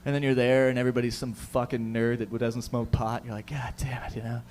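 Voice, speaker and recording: A man's voice: medium pitch, level tone, fast, darkish tone, slight background noise. A man hosting a stand-up comedy show, bantering loosely with the crowd and swearing freely. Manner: loose, profane, crowd-hyping. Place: comedy show stage before a live crowd.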